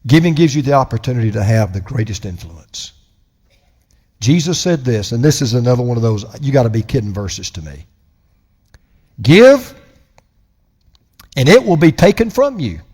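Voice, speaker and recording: An older man preaching a sermon as pastor, emphatic and slowing down to stress key lines. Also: mid-range voice, sing-song, a little mellow, husky. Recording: long hall reverb.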